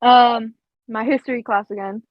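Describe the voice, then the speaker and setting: A woman with a high voice tells a story in loose podcast chat, swearing freely and filling her sentences with "like." The recording is dry and somewhat dull and lo-fi. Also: steady tone, moderate pace, no echo. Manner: casual, profane, laughs between phrases, many fillers like "like". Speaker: podcast co-host.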